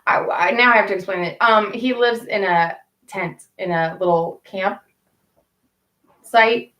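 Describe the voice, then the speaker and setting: A woman talking to her live chat, rambling from one story to the next and swearing without a second thought. Her voice sits at an ordinary middle pitch. The room around her is noticeably echoey. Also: unhurried, a bit bright. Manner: rambling, candid, swears freely. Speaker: live streamer chatting with viewers.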